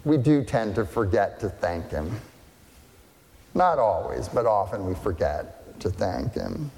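A man preaching a sermon as pastor, deliberate and questioning, often checking that listeners follow. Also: lowish voice, sing-song, a little mellow, a little hiss or hum. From family partly German and partly English. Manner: slow, deliberate, asks the congregation questions. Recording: long hall reverb.

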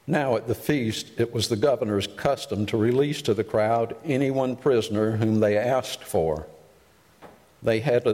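Low-voiced man reading scripture. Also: dark tone. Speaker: lector. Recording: reverberant hall.

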